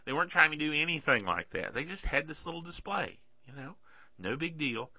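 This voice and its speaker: A man hosting a podcast in a casual, sarcastic tech-news chat, bothered by a sore throat and clearing it often. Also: a little high, animated, a little fast, bright, forceful tone, no echo. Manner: chatty, sarcastic, keeps asking "okay?". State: throat trouble, keeps clearing his throat. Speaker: podcast host. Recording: dull lo-fi dry recording.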